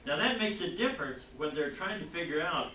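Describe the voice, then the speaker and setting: A man teaching a Bible class, lecturing in a rambling, halting way and putting questions to the class. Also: a little high, lively intonation, bright, forceful tone, slight background noise. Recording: echoey classroom recorded from far off.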